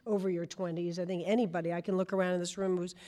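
A woman in her sixties speaks as a guest in an on-stage conversation. She tells her stories in a lively, theatrical way, voicing the characters she describes. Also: on the low side, very fast. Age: 60s. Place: event stage before an audience.

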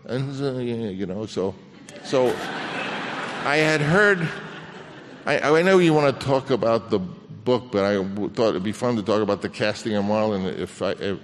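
An older man, a film director, telling an anecdote on stage in a halting way with many restarts, acting out the voices he quotes. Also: on the low side, lively intonation, background noise. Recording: long reverb of a hall.

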